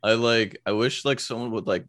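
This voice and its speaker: A young man co-hosting a casual podcast, joking, laughing and mocking squeaky voices in chat. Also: moderate pace, fairly bright tone. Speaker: podcast co-host.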